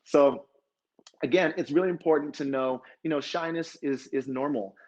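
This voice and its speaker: A man's voice: on the high side, unhurried, darkish tone, highs cut off. A man giving an earnest, emotional motivational talk at a conference, telling stories and acting out quotes. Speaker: conference speaker.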